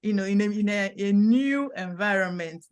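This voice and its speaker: A woman's voice: medium pitch, normal speed, smooth. A woman hosting an online interview over a video call, speaking in an encouraging, conversational way. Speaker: host.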